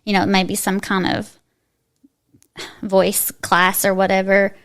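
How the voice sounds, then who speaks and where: Kentucky twang lady, chatty podcast guest, lots of restarts, medium pitch. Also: completely flat delivery, takes it slowly. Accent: eastern Kentucky twang. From eastern Kentucky. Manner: chatty, emphatic, frequent restarts. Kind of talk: casual interview chat.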